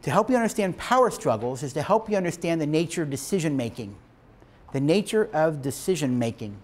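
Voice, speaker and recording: A man teaching a class of couples in an emphatic, preacher-like manner, stopping to check that his listeners follow. His voice sits fairly high for a man and swings widely in pitch. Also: sing-song, a little fast. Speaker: marriage teacher. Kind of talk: lecture to couples.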